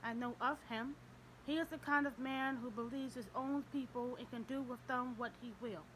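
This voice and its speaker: A woman's voice: a little high, steady tone, normal speed, a bit bright, slight background noise, natural voice, poor audio. A woman reading the part of a stern, elderly male Russian priest who speaks tersely and formally in an audiobook. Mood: bitter. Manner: terse, formal, ignores questions.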